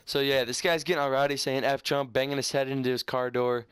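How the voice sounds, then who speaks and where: A sixteen-year-old boy, casually telling a story over gameplay in a halting, rambling way full of restarts and stutters. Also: mid-range voice, level tone, a bit bright, slight background noise. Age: teens. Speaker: gaming YouTuber. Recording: faint gunfire from game audio. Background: video game gunfire.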